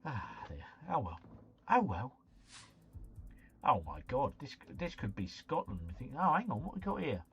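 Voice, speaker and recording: A man with a husky, somewhat bright medium-pitched voice, wildly swooping pitch and vocal fry talks fairly quickly, barely pausing, while playing a geography guessing game on a live stream. He mutters to himself before bursting into exclamations, and the slightly muffled recording carries faint background music.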